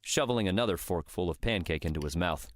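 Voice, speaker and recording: A man reading an audiobook in scripted narration, steady and even. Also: deep voice, fast talker, no echo, studio quality.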